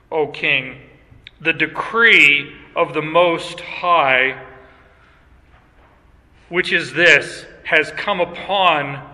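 A man preaching with a slow, deliberate pace and a bright, forceful edge to his voice. He reads scripture aloud and stops to explain it with emphasis. His voice rings with the long reverb of a large hall. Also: fairly high pitch. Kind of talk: expository sermon.

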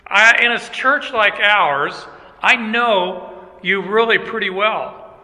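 Older man, pastor, conversational sermon, high bright voice, slow unhurried delivery, long church reverb. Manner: conversational, joking preaching with asides to the congregation.

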